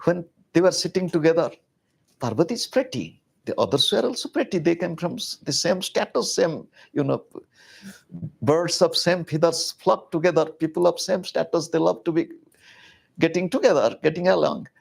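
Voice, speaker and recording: A man giving a public spiritual talk, telling a story in an animated, conversational way with casual asides. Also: a little high, normal speed, gravelly, breathy edge. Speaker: spiritual teacher.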